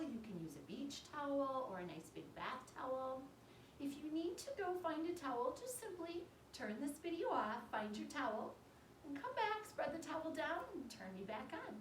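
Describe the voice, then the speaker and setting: A woman teaching yoga to young children, reading a story aloud and guiding poses gently, making animal sounds along the way. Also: sits high, very animated, normal speed. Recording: roomy echo, distant mic, faint background noise.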